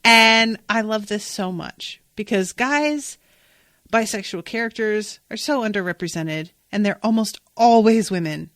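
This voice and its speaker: A woman's voice: medium pitch, measured pace, fairly bright tone, no echo, clean studio sound. A woman hosting a podcast, recapping an episode in casual, enthusiastic, emphatic chat with some swearing. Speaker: podcast host.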